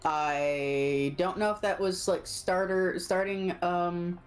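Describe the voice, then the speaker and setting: A woman playing in a tabletop game over a voice call, relaxed and joking while she plans her turn. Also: lowish voice, takes it slowly, faint music behind. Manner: relaxed, joking, thinks aloud with fillers. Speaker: player.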